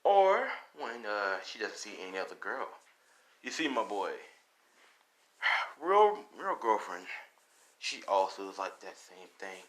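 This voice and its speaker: A man voicing a smug, scheming old grandfather villain who talks slowly and draws out his words. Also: lowish voice, very animated, a bit bright.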